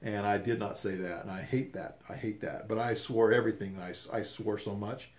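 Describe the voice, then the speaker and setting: An older man casually telling a rambling, animated story with repeated words and restarts. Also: fairly low pitch, moderate pace.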